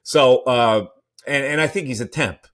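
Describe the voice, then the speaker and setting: A man's voice: medium pitch, measured pace, fairly bright tone. A man hosting a sports talk podcast, rambling and opinionated, with frequent restarts.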